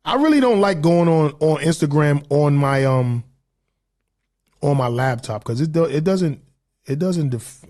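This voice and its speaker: A man's voice: on the high side, lively intonation, measured pace, a little mellow. A man hosting a casual podcast livestream, ranting in a profane, heated, rambling way. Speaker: podcast host.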